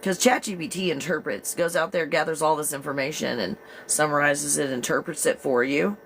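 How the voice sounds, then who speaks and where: A woman's voice: sits low, steady tone, brisk, fairly bright tone, a little hiss or hum. Chatty woman hosting a live stream. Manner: chatty, rambling, laughs often. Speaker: live show host. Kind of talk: casual live-stream talk.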